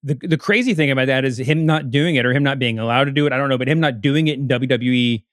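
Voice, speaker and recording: A man's voice: medium pitch, quick pace, dry recording, clean studio sound. A man co-hosting a podcast in casual chat, rambling and cutting himself off with lots of fillers. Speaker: podcast co-host.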